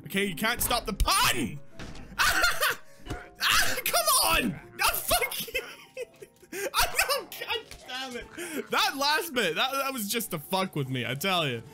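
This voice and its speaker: Young man, Let's Play commentary, excitable, high voice, faint music behind. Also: takes it slowly. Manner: excitable, swearing, laughing, silly asides. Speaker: gaming YouTuber.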